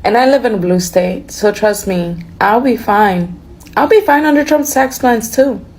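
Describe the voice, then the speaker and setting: A woman's voice: fairly high pitch, expressive, normal speed, a little mellow. A woman gloating sarcastically in a reaction video. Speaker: social media commentator.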